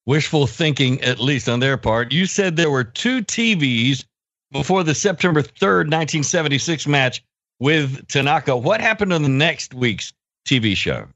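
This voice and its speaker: A man's voice: on the high side, expressive, moderate pace, fairly bright tone, dry recording, dull audio. A male interviewer asking brief, prompting questions, heard off-mic.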